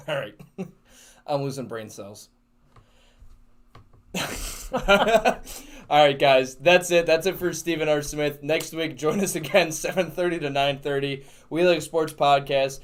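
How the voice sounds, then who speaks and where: Slightly high-voiced male host, playful and casual, running the sports chat. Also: takes it slowly, long pauses. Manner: playful, wraps up the show. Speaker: podcast host.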